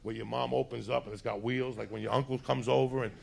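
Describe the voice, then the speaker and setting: A male stand-up comic with a deeply gravelly voice, rambling through a crude story in loose, conversational talk. He slips into put-on voices to act out what other people said, sounding a little high. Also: steady tone, fast talker. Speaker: stand-up comedian.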